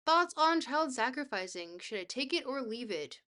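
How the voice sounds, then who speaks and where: Bubbly young woman streamer, bright voice. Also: high-pitched, big pitch swings, normal speed. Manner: bubbly, goofy, self-deprecating. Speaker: livestreamer. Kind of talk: casual chat, reading viewer messages.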